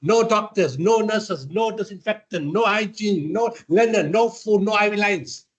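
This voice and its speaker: Un hombre de Sudáfrica da una conferencia narrando anécdotas de forma directa y animada, representando los diálogos con distintas voces. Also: male voice, high-pitched, measured pace, slightly rough. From South Africa. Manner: blunt, animated storyteller acting out dialogue. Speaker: lecturer. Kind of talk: storytelling lecture.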